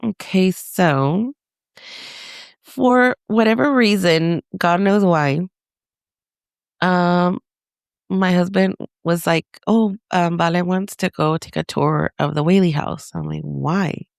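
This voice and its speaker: A woman's voice: fairly low pitch, slow pace, gravelly, dry recording, studio quality. A woman co-hosting a podcast tells a story casually. She rambles with lots of fillers and acts out the quotes. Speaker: podcast co-host.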